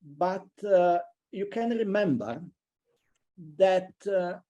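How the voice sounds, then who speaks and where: A man giving an online university lecture, halting and thinking aloud with many fillers and restarts. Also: sits high, expressive, warm tone, highs cut off. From Italy. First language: a regional language between France and Italy.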